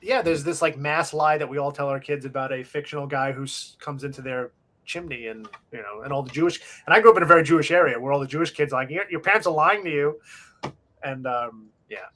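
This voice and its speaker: A man's voice: medium pitch, fast, a bit bright. A middle-aged man from Long Island co-hosting a casual talk show, rambling and self-deprecating with many restarts. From Long Island, New York. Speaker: co-host. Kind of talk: casual podcast chat.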